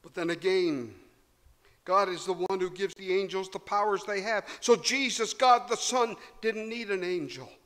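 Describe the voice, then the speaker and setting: A man preaching a sermon, swinging between loud emphasis and hushed low tones. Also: normal speed. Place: church hall. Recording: long hall reverb.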